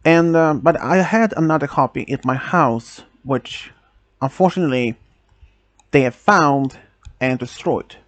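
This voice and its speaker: A man casually narrating a first-person story, halting and restarting often, with non-native phrasing. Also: fairly high pitch, no room sound.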